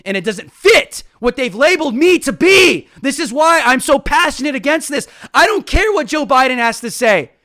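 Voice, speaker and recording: Young male commentator, high pitch, bright tense tone, passionate and emphatic delivery. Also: very animated, normal speed, few pauses. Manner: fiery, emphatic ranting. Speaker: political commentator, show host. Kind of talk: live political commentary monologue.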